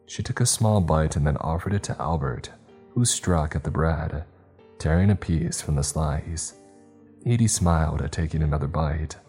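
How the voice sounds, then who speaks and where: A man narrating a story in a steady, measured reading. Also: a bass voice, husky. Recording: faint background music.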